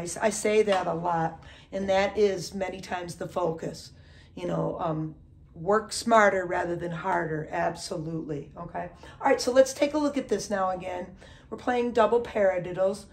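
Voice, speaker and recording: Woman drum teacher over loud drums. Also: medium pitch, moderate pace, soft background music. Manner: counts aloud loudly over drumming, says "okay?" often. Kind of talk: casual instructional talk. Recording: drums playing under the voice.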